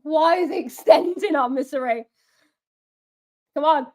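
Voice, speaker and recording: A young woman chats sarcastically through a live football watch-along stream. Her voice sits high and bright for a woman, and she talks straight to her viewers as she reads out their comments. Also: unhurried. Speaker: fan channel watch-along host.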